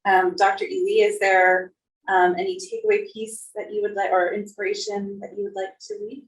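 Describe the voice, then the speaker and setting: A woman's voice: mid-range voice, flat delivery, moderate pace. A woman hosting a webinar, asking her guests questions politely and hesitantly. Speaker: webinar host. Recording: distant from the mic.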